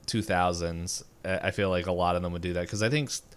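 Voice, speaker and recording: Low-voiced man rambling on a podcast. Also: steady tone, fast, clean tone. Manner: rambling, many fillers and restarts. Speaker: podcast co-host. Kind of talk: casual chat.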